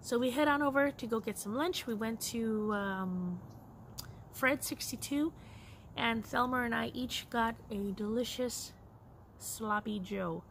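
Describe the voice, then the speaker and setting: A woman casually chatting about her yarn and knitting haul, excitable and quick to laugh. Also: on the high side, slight background noise. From Los Angeles area. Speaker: craft vlogger.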